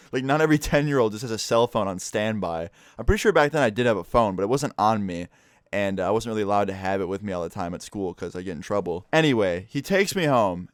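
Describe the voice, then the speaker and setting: A man's voice: medium pitch, clean tone, dry recording, clean studio sound. A man telling a childhood story in a casual, profane vlog style. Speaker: vlogger.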